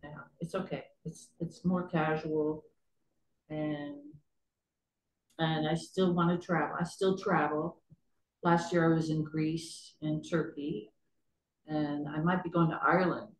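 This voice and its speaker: A woman's voice: sits low, fairly even intonation, unhurried, roomy sound, low-quality recording. A woman chatting as an interview guest, rambling and laughing often. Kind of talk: casual interview chat.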